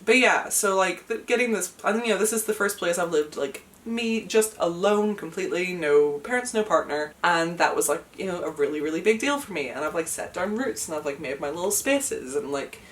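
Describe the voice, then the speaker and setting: A woman's voice: lowish voice, animated, a little fast, hardly any pauses, distant mic. A young woman vlogging from her home, talking in an emotional, chatty way with lots of fillers and nervous laughs. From United Kingdom. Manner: chatty, emotional, many fillers, laughs through hard moments. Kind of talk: casual chat to camera. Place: at home, indoors.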